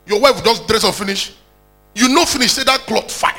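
A Nigerian preacher with a very high, bright and forceful voice, exhorting his congregation. He keeps calling out for hallelujahs. Faint music plays underneath. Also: normal speed. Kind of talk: sermon.

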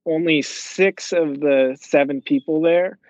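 A man's voice: a little high, takes it slowly, darkish tone, dry recording, highs cut off. A young man telling a long, rambling story in casual chat, swearing and using lots of fillers.

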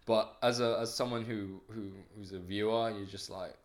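A man's voice: fairly low pitch, fairly even intonation, normal speed. Rambling young man chatting. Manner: rambling, hesitant, swears casually. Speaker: film chat participant. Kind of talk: casual chat.

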